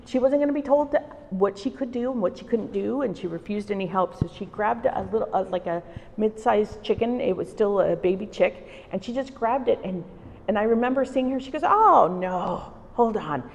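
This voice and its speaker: In a reverberant art exhibition hall with slight background noise, a middle-aged Salvadoran wood-carving artist tells personal stories during a reflective interview. Her medium-pitched voice is brisk, creaky, and dark in tone.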